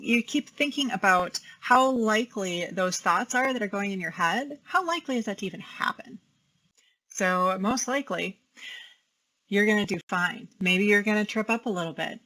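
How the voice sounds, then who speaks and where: A woman's voice: mid-range voice, bright, forceful tone, low-quality recording. A woman, a life coach, talking casually about challenging anxious thoughts, with many fillers and quoted inner voices. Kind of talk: casual talk on managing anxiety.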